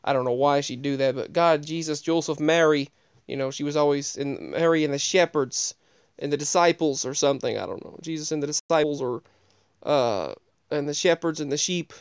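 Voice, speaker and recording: Give me a rambling man telling a casual story, his voice smooth and a bit high, with plenty of restarts. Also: brisk, no echo. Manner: rambling, digressive, frequent restarts.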